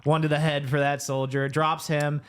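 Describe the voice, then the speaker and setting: A young man, a podcast co-host, retelling a story in a rambling, animated way and quoting characters as he goes. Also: on the high side, moderate pace, clear, resonant tone. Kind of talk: casual storytelling chat.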